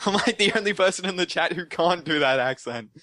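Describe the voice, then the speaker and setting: A man with an Australian accent playing in a tabletop game, eager and excitable. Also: high-pitched, brisk, no echo. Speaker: player.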